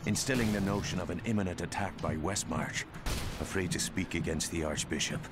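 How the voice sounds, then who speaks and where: A man's voice: deep voice, fairly quick, a crowd in the background, close to an everyday voice. An actor playing a cursed former army captain, telling his story in a grave, solemn game lore recording. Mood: grim. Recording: game audio under loud noise.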